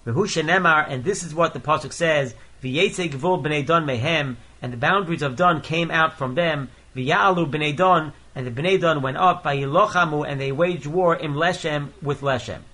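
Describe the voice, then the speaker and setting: Man, Torah lesson, reads a phrase then translates it, fairly high voice. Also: normal speed, few pauses, bright, forceful tone. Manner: reads each Hebrew phrase then explains it in English. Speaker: Torah teacher. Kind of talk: Torah lesson, reading Hebrew verses and translating line by line.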